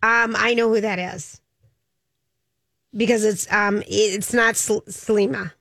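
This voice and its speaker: A woman with a Minnesota accent co-hosting a radio show, quick with teasing asides. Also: mid-range voice, steady tone, creaky, a bit bright, dry recording, clean studio sound. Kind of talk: casual morning show banter.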